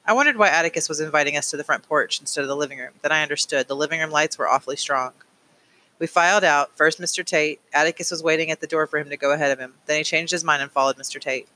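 A man narrating a novel aloud in a measured, plain storytelling manner. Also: fairly high pitch, sharp tone, poor audio. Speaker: audiobook reader. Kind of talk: audiobook narration.

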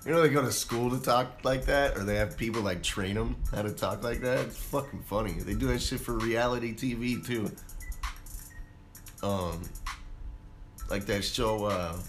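A man's voice: lowish voice, moderate pace, soft background music. A man from Colorado hosting a casual solo podcast, laid-back and rambling, swearing freely. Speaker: podcast host.

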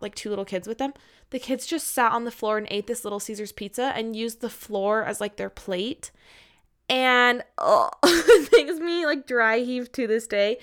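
A woman hosting a podcast, reading out listener stories in a casual, chatty way. Her voice is smooth and clear and sits a little high. She reacts with animated laughter between the stories. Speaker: podcast host; former hospital worker.

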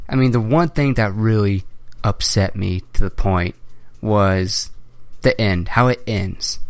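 A man's voice: fairly low pitch, clear, resonant tone, dry recording. A man hosting a podcast, chatting casually and ranting in a rambling way, with swearing. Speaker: podcast host.

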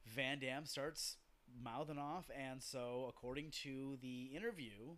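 A man's voice: medium pitch, unhurried, a bit bright. A man hosting a casual solo podcast, telling rambling stories full of swearing and offhand asides. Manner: profane, rambling storytelling with asides; acts out quoted lines in a gruff voice. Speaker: podcast host.

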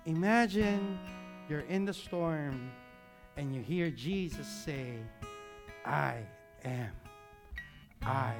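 A male pastor preaching at an unhurried pace in a fairly high voice. He sinks his voice low to stress key lines and has the congregation repeat words with him. Soft guitar plays faintly behind him. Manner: preaching with slides, drops voice low for emphasis. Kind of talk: sermon.

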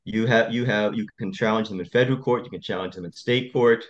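A man, an attorney, speaking as a guest in a podcast interview and telling stories in an impassioned, animated way. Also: fairly low pitch, fast talker, dull audio.

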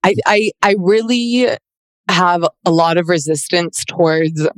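A woman's voice: lowish voice, a little slow, no echo. A woman speaking candidly in a casual chat, rambling with frequent restarts and close to tears. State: near tears.

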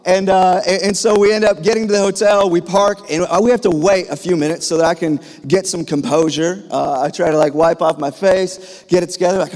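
A man's voice: sits high, fairly even intonation, brisk, hardly any pauses, a little mellow. A man in his thirties preaching a sermon, telling a personal story with frequent fillers and restarts. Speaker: pastor. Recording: long hall reverb.

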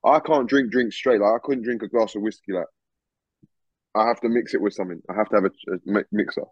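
A fairly low, breathy-edged voice belongs to a guest musician who talks fast in a casual interview chat. He's lively, uses heaps of slang and swears freely. The recording is dull and dry, with no echo.

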